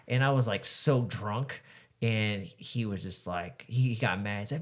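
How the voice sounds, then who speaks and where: A man's voice: fairly low pitch, normal speed. A young man co-hosting a podcast, telling rowdy stories in casual chat, swearing freely and acting out the people in them. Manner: profane, animated, acts out quoted voices. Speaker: podcast co-host.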